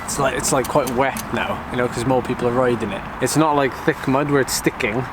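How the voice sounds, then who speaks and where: A man chatting casually to camera, thinking aloud after a warm-up lap at a muddy outdoor course. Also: mid-range voice, a little fast. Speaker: vlogger and amateur cyclocross racer. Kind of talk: casual vlog chat to camera. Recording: outdoor recording with clear background noise.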